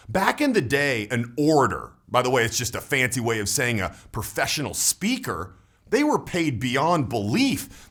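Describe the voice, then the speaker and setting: A man working as a voice coach, giving a persuasive direct-to-camera pitch with emphatic, salesy delivery that swings between loud punches and low drops. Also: husky.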